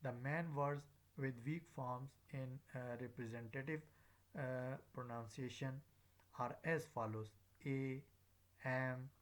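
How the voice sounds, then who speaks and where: Man, English pronunciation lecture, unhurried delivery, halting with fillers, drills words over and over. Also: mid-range voice, steady tone. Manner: repeats example words slowly for pronunciation drills; hesitant, frequent uh fillers. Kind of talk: recorded lecture.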